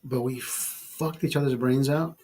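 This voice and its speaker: A man's voice: mid-range voice, steady tone, unhurried, dark tone, slightly rough, soft background music. A man telling a raunchy story in a casual monologue, profane and rambling, often restarting his sentences and amused by himself. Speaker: vlogger.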